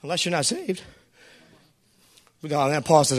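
A man preaching a sermon as pastor, swinging between shouted appeals and quiet asides and putting questions to the congregation. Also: fairly high pitch, big pitch swings, normal speed. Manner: preaches with fervor and calls out to the listeners.

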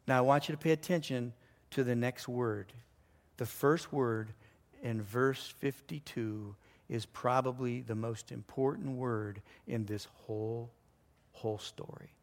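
A man preaching a sermon, telling a story with lively delivery, sometimes dropping to a hushed voice for emphasis. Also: medium pitch, moderate pace. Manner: animated storytelling, acts out voices and sounds. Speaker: pastor.

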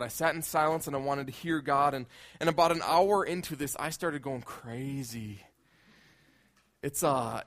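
A man's voice: mid-range voice, a bit bright. A male pastor preaching a conversational sermon, often repeating words as he builds a point.

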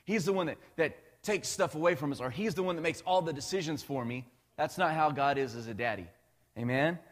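Man preaching in a reverberant hall. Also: mid-range voice. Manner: conversational, animated, frequent restarts and asides to the congregation. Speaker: pastor. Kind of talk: sermon.

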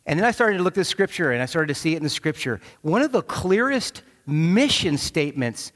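A man in his thirties preaching a sermon, telling a personal story with animated quoted voices. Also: on the high side, fairly quick. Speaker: pastor. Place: large church auditorium. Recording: long hall reverb.

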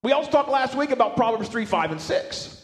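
A male pastor preaching a sermon, animated, often restarting words and asking his congregation questions. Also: very high voice, fairly quick, echoey room. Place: church sanctuary with speakers.

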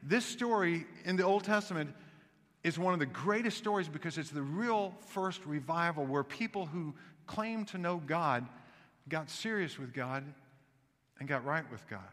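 Southern preacher in a reverberant sanctuary. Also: male voice, a little high, normal speed. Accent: Southern American. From American South. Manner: animated storytelling preacher with frequent restarts. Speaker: pastor. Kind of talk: sermon. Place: church sanctuary.

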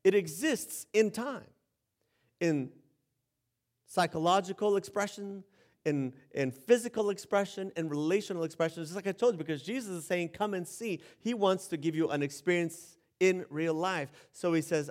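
A man's voice: sits high, normal speed. A man preaching a sermon in a conversational way, joking about himself and often restarting phrases. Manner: conversational, self-deprecating, with laughs and restarts. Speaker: pastor.

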